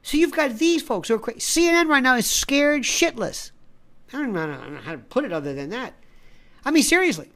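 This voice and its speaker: Animated ranting political commentator. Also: sits high, fairly quick. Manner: ranting, repeats phrases for emphasis; acts out quoted conversations. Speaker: independent media analyst. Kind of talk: opinionated commentary monologue.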